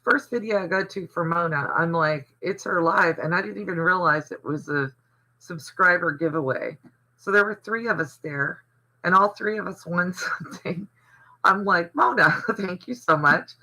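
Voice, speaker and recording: A man's voice: high voice, moderate pace, pushed and bright, poor audio. An older man from the American South, hosting a casual livestream chat, rambling through stories and answering viewer comments. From Southern United States. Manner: chatty, rambling storyteller who reads out viewer comments. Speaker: livestream host.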